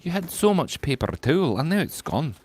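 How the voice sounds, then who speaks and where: A man's voice: fairly high pitch, very animated, fairly quick, a little hiss or hum. A man hosting a live drawing stream, joking playfully and narrating each stroke as he draws viewers' ideas. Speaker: livestream drawing host.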